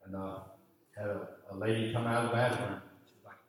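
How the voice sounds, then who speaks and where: A man's voice: level tone, brisk. Man, preacher in a church. Storytelling sermon with muttered asides, heard from far off in a roomy, echoing hall. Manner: storytelling, acts out his own thoughts with big pitch jumps; drops to a muttering hush for inner grumbling. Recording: echoey hall, voice from far off, faint ambience.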